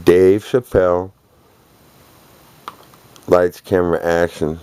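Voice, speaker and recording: Low, smooth-voiced man ranting. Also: little pitch movement, slow pace, dark tone, dry recording. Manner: profane, boastful, laughs between phrases. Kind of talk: rambling monologue.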